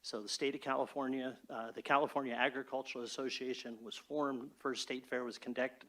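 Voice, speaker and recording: A man addressing a state board in a formal, well-organized presentation. His delivery is brisk and steady, like a prepared speech. His pitch is an ordinary middle register. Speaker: state fair chief executive. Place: state board meeting room.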